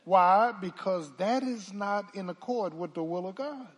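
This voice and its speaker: A man pastor a sermon, swinging from hushed talk to loud calls and asking the congregation to answer back. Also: high-pitched, a little slow. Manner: preaching with call-and-response, swelling from hushed to loud.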